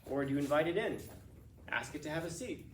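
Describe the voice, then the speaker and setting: A man teaching a class, telling a casual, animated story with restarts and laughs. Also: on the high side, quick pace, echoey room, a little hiss or hum.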